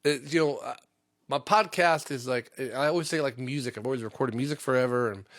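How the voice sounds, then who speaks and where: A man's voice: medium pitch, brisk, a bit bright, no echo, clean studio sound. Profane, rambling man hosting a podcast. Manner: profane, lots of fillers. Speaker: podcast host and union tradesman. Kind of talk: casual rambling monologue.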